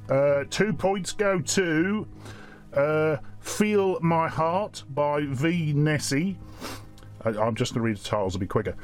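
A man voicing a foul-mouthed, impatient male vampire celebrity, gruff and sweary in a comedy sketch. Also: fairly high pitch.

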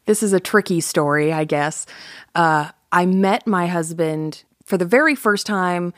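A woman with a notably low voice tells personal stories as a guest. She chats freely, laughing often and restarting her sentences. The recording is close and dry, with no room sound. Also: measured pace, no room sound. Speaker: podcast guest. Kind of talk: casual storytelling.

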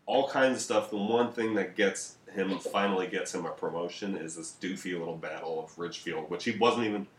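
Low-voiced guy on a history podcast, kinda tired and beered up, cracking profane jokes, echoey room. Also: fairly quick, few pauses, a little hiss or hum. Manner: joking, profane storytelling. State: tired after a few beers. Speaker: podcast co-host. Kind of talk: casual history podcast chat. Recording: roomy echo.

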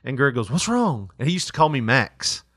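A man's voice: mid-range voice, sing-song, a little fast, fairly bright tone, no room sound, studio quality. A young man telling a work story in casual chat, laughing often and acting out quotes. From Tennessee.

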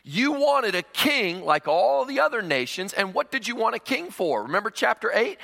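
Lively high-voiced preacher in a reverberant hall. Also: male voice, fairly quick, gravelly, few pauses. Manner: animated, jokey asides and rhetorical questions. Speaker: pastor. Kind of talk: sermon.

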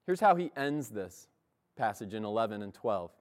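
Animated, lively male church preacher. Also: lowish voice, moderate pace. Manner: animated, conversational, laughs often. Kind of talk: sermon.

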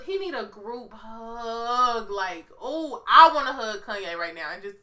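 A woman with a very bright, forceful voice, talking in a loose, animated way. She tells stories with lots of slang and swearing, like an easygoing co-host chatting with a friend. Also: on the high side, measured pace, hardly any pauses. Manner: animated, profane, slangy storytelling. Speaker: podcast co-host. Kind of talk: casual chat.

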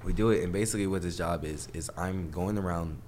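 A man's voice: low-pitched, fast, darkish tone. A young man chatting casually as a podcast guest, telling stories and acting out the voices of other people in them. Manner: laid-back storyteller, acts out quotes in other voices.

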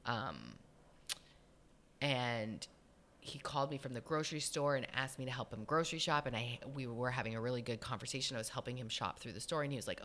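A woman's voice: rumbling low, a little fast. A young woman chatting casually, telling stories and acting out the lines of people in them. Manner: animated storyteller, acts out quoted lines. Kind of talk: casual chat.

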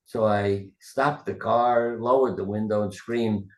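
Older guy, retired surgeon, low voice, rambly stories in an echoey room. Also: steady tone, a little slow. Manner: rambling, anecdotal, acts out quotes. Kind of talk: casual interview storytelling. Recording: roomy echo.

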